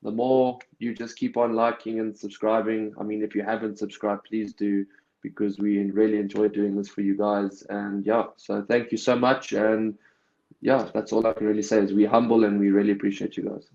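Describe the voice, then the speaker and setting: A man's voice: fairly low pitch, level tone, normal speed, gravelly, dark tone. A South African man co-hosting a casual podcast, hesitant and full of fillers. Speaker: podcast co-host. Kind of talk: casual chat. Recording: slightly dull lo-fi sound.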